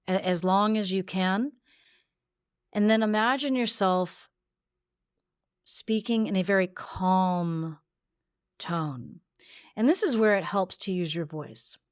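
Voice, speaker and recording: A woman voice coach leading a guided voice exercise with calm, measured instructions. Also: on the low side, no echo, clean studio sound. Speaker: voice coach and podcast host.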